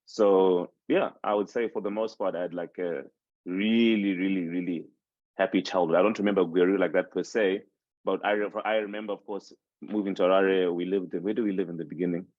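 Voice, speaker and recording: A low-voiced man from Zimbabwe, in his twenties and a native Shona speaker, is interviewed as a guest despite being a podcast host, rambling about his life and restarting sentences. His intonation is fairly even and his pace a little fast. The recording sounds dull and dry, without room sound.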